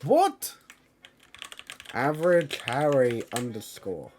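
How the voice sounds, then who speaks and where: A male streamer chatting casually on a live stream, swearing often and breaking into loud exclamations. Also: medium pitch, sing-song, takes it slowly, a little hiss or hum.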